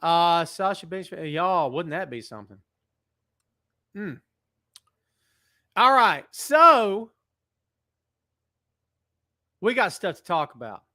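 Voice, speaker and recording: A man's voice: on the high side, animated, measured pace, fairly bright tone, no room sound, clean studio sound. A middle-aged man hosting a wrestling show from a large building, chatting casually with viewers and greeting them by name. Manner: earnest, somber when turning serious. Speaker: wrestling podcast host. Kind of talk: casual live-stream chat. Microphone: webcam setup.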